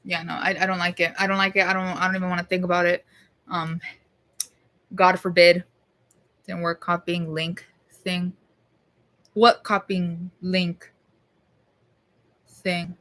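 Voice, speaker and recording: A woman's voice: lowish voice, little pitch movement, measured pace, pauses often, fairly bright tone. A young woman vlogger talking casually to her camera, rambling, swearing and mocking herself.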